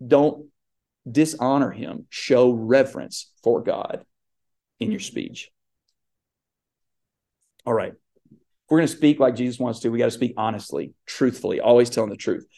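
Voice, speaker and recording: Male pastor, mid-pitched with gravelly fry, casual questioning sermon delivery. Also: unhurried, long pauses, warm tone. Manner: conversational, asks the congregation questions.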